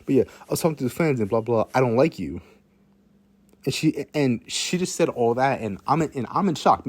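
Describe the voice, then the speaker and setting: A man's voice: medium pitch, animated, moderate pace, long pauses, slightly rough. Man with a casual, rambling storytelling monologue, repeating lines and swearing.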